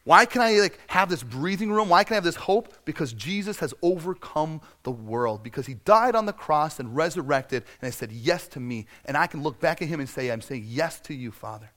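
A man preaching a sermon in a conversational, storytelling way, acting out scenes and sometimes shouting for effect. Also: a little high, animated, fairly quick, hardly any pauses. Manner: conversational and self-deprecating, with frequent fillers. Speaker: pastor.

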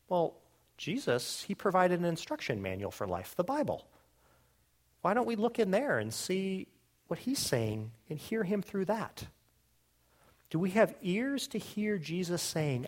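Man, pastor, sermon, fairly high voice, very animated pitch, questioning, hushed for quoted lines. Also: unhurried.

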